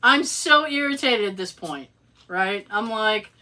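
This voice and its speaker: Speaking at a medium pitch and a little slowly, this podcast co-host recounts a story in relaxed conversation. She's animated and sarcastic, dropping snarky asides and performing the quotes.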